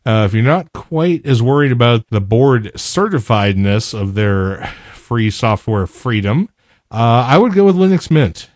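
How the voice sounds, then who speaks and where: A man's voice: mid-range voice, sing-song, measured pace, darkish tone, no echo, clean studio sound. A man co-hosting a podcast, talking casually and spelling out names letter by letter. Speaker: podcast co-host. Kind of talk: casual tech podcast talk.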